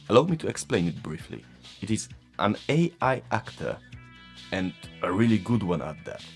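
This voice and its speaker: A man with a Polish accent, whose first language is Polish, chatting casually about tech and often chuckling at himself. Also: low-pitched. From Poland. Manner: chuckling, self-mocking. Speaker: tech vlogger. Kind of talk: casual chat. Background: faint background music.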